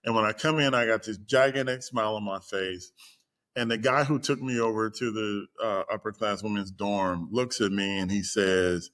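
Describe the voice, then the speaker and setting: Animated man telling a story. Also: on the low side, normal speed. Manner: animated, acts out quoted voices. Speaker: guest storyteller. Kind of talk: casual storytelling.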